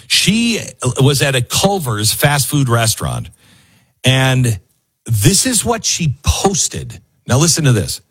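A man with a husky voice delivering a sarcastic, opinionated news commentary monologue, acting out the people he quotes. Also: mid-range voice, wildly swooping pitch, takes it slowly, fairly bright tone. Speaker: political commentary host.

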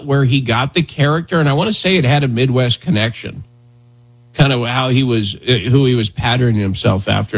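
A man's voice: mid-range voice, husky. A male radio host talking casually in a rambling, conversational way with lots of fillers. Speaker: radio talk show host. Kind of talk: casual talk radio chat.

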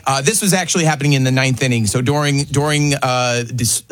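Man, radio co-host, relaxed chatty delivery, mid-pitched, filler words. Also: a little fast. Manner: relaxed, reads news items with filler words. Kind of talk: casual radio show chat.

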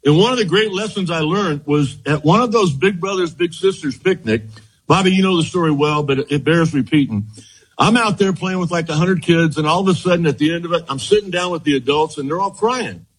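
Older guy, husky voice, kinda high, telling old baseball stories and laughing a lot. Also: fairly quick, poor audio. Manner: animated anecdotes, laughs often, frequent "as you know". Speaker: former baseball pitcher, guest. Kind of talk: reminiscing storytelling.

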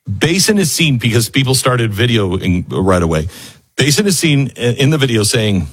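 A man's voice: medium pitch, sing-song, normal speed, breathy edge. A man hosting a casual news commentary show, sarcastic and acting out the people he quotes. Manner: sarcastic, acts out quotes in other voices.

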